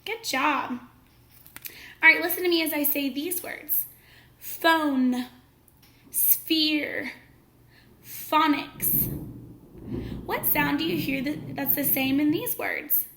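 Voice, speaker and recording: A woman teacher giving a phonics lesson to young children, speaking slowly and clearly with encouraging praise. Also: high voice, bright, forceful tone, roomy sound. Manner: slow, clear, encouraging classroom delivery.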